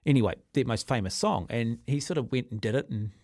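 A male sports radio host, chatting casually and wandering through his stories with lively asides. His voice is mid-pitched. It sounds dry and close on a studio microphone. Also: fairly quick, no echo. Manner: rambling, animated storyteller.

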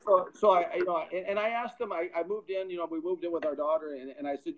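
A middle-aged man shares a personal testimony as a podcast guest, with a somewhat high voice. He is earnest and stacks repeated words as his story gathers momentum. The sound is dull and lo-fi. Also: fast talker, crowd noise. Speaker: podcast guest, pro football scout.

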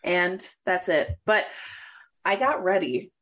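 A young adult woman co-hosting a podcast in casual chat, laughing often and jumping up in pitch when excited. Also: slow pace. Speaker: podcast co-host.

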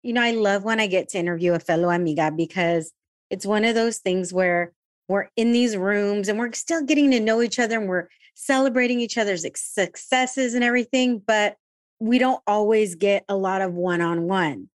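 A woman's voice: mid-range voice, normal speed, no room sound. Chatty woman podcast host, dry sound. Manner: gushing, chatty, mixes in Spanish words. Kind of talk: casual interview chat.

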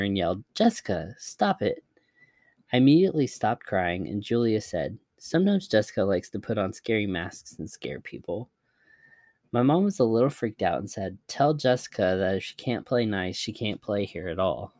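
A man narrating scary stories in a measured, even storytelling manner. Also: fairly low pitch, no echo, clean studio sound.

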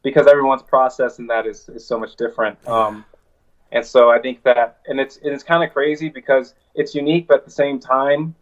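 A man's voice: medium pitch, steady tone, fairly quick, muffled recording. A man talking as a wrestler guest in a casual interview, telling stories in a loose, rambling way.

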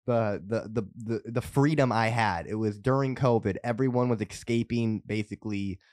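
A man's voice: fairly low pitch, normal speed, darkish tone, no echo, studio quality. A young man telling travel stories in a rambling, joking, profane way on a casual podcast.

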